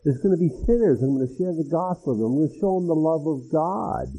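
A man preaching an expository sermon as pastor, animated and acting out the people in the text. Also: fairly high pitch, quick pace. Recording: tinny phone-like sound.

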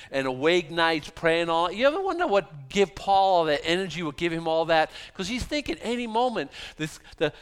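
A man's voice: high voice, fairly bright tone, smooth. A middle-aged man, a pastor preaching a sermon in a conversational way, asking rhetorical questions and acting out quoted voices.

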